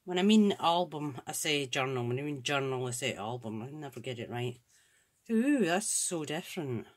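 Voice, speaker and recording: At normal speed and in an expressive bass voice, a woman from Scotland hosts a crafts channel. She unboxes and examines craft supplies in casual chat, thinking aloud and gushing with admiration.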